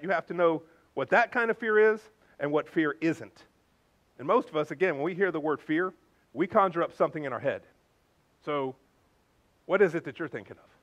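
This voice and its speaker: A male pastor preaching a sermon in an animated, conversational way with playful asides. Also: sits high, dull audio.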